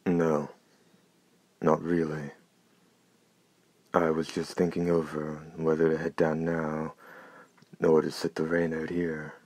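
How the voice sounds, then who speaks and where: A man's voice: monotone, slow pace, pauses often, a little mellow, no room sound, full character voice. A man voicing a blunt, coarse, hard-bitten male coach driver in an audiobook. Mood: hushed, wary. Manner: blunt, coarse, low-voiced. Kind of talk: audiobook character reading.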